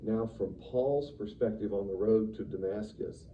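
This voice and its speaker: A man teaching a church Sunday school class in a lively, conversational way, acting out the quotes he reads. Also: on the low side, measured pace. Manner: animated, conversational, acts out quotes with sudden loud bursts. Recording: distant, dull room recording with faint noise.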